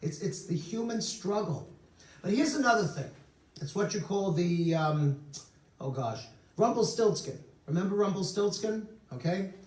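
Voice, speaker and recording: A man preaching as a rabbi, telling stories and slipping in jokes. His voice sits somewhat high and swings widely in pitch. He is recorded from across a roomy, echoing synagogue sanctuary. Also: lively intonation, measured pace, a little mellow, far from the mic. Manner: storytelling with humorous asides. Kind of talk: sermon.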